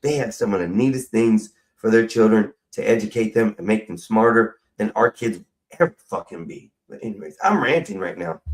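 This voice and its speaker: A man's voice: fairly low pitch, animated, fairly quick, faint music behind, low-quality recording. Rambling, cussing middle-aged man. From United States. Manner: profane, rambling, swings loud and soft. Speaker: live stream host. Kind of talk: rambling casual rant.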